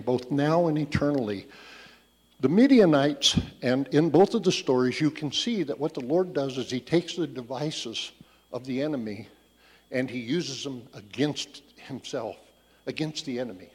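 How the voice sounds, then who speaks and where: A man's voice: mid-range voice, darkish tone, husky. A man giving a casual, conversational Bible teaching, telling the story loosely and thinking aloud as he goes. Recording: long hall reverb.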